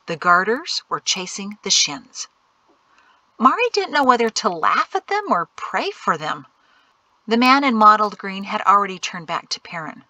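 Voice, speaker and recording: Bright-voiced woman narrating an audiobook. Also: medium pitch, lively intonation, moderate pace, no room sound, rough recording. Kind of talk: scripted narration.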